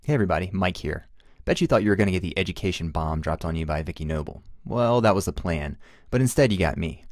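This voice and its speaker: A man's voice: low voice, expressive, fast talker, no room sound, studio quality. A man hosting a medical podcast, chatty and self-deprecating as he sums up lecture slides. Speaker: podcast host. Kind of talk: casual explanatory podcast narration.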